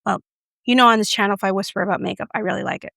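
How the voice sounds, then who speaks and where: A woman doing a casual makeup review vlog, chatty and playful, with self-mocking asides and soft whispered moments. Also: medium pitch, steady tone, rapid-fire, gravelly, dry recording, studio quality. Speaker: beauty reviewer.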